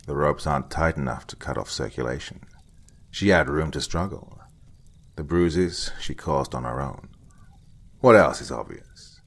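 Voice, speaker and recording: A man playing an older, blunt forensic investigator who lectures in short, curt sentences with a husky voice. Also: a bass voice, a little slow, exaggerated voice. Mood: curt, lecturing. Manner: blunt, curt, lecturing, some lines whispered. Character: gruff veteran male forensic investigator, blunt.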